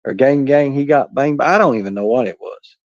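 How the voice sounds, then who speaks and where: A man's voice: medium pitch, a little fast, dry recording. Man rambling on a lo-fi livestream. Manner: rambling, crude joking banter with viewers. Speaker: livestream host reading chat. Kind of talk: casual livestream chat. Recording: dull, dry, lo-fi sound.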